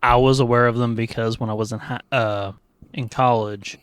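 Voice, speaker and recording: A man's voice: mid-range voice, fairly even intonation, normal speed, smooth, no room sound. A man hosting a podcast, making dry, brief quips over drinks. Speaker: podcast host. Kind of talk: casual chat over drinks.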